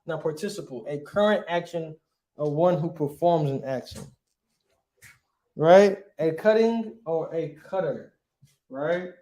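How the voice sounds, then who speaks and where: A man's voice: on the high side, a little slow, dark tone, roomy sound. A male teacher giving a grammar lesson, asking his class questions and answering them himself, often checking with "right?".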